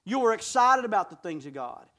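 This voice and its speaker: A man preaching a sermon in a church, swinging from hushed, low passages to shouted appeals. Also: very animated, brisk. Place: church sanctuary.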